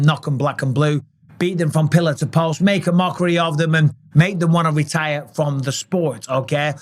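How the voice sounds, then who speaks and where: A man's voice: on the high side, slight background noise. Emphatic man giving fight commentary. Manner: emphatic, tags lines with "okay?". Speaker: host. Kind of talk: casual reaction commentary.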